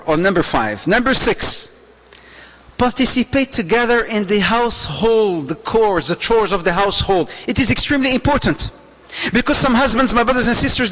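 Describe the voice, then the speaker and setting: Preacher guy, high-ish voice, lively, acts stuff out, echoey hall. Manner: animated, acts out little scenes with sudden loud lines. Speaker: Islamic preacher. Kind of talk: lecture to an audience. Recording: muffled recording in a large echoing hall.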